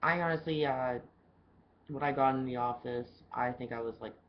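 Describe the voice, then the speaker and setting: A woman's voice: extremely low pitch, moderate pace, a little hiss or hum. A woman working as a bartender, telling stories in a loose, chatty video diary and swearing casually. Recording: dull lo-fi camera audio with faint background ambience.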